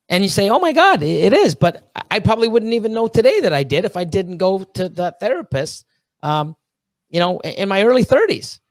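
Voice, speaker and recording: A man from Canada in his thirties, a podcast guest in casual chat, excitable and rambling, swearing often with lots of fillers and restarts. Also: high voice, dry recording.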